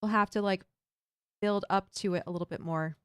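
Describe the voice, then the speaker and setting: A woman's voice: medium pitch, steady tone, fairly quick, fairly bright tone, clean tone, no echo, studio quality. A woman streaming a building game, chatting casually and thinking aloud while she builds and reads chat. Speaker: Minecraft streamer.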